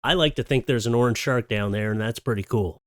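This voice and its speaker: A man hosting a comedic reaction commentary, animated and joking, slipping into quick silly voices. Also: mid-range voice, heavy background noise. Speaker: commentary host.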